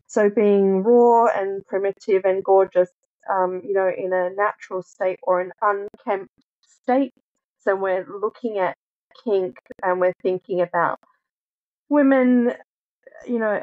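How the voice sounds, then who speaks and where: A woman speaking as a podcast guest, reflective and thoughtful, often pausing to search for the right words. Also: medium pitch, a little mellow. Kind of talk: reflective conversational discussion. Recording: dull lo-fi sound.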